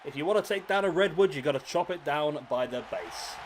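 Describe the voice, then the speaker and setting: A man, commentating a wrestling video game on a live stream, excitable and jokey, bantering with his chat. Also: fairly high pitch, fairly quick. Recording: game crowd noise behind voice. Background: wrestling game crowd and arena noise.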